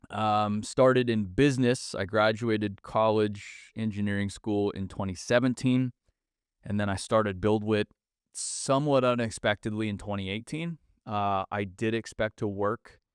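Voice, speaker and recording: A man's voice: fairly low pitch, smooth, dry recording, clean studio sound. A man, hosting a solo podcast in a blunt, sarcastic way that mocks corporate speak. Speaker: podcast host.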